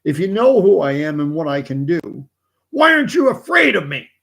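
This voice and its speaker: A man's voice: a little high, sing-song, moderate pace, gravelly, a bit bright, voice pushed up, exaggerated voice. A man voicing Satan, a boastful, menacing male devil who asks threatening questions in a joke he is telling. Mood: imposing.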